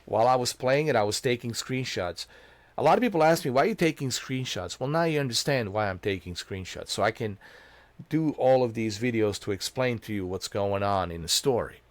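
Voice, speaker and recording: A man's voice: mid-range voice, lively intonation, brisk, no echo. A man explaining a video game's story in casual, emotional commentary, repeating himself and calling the listener dude. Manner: emotional, repetitive, slangy with "dude". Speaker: gaming video creator.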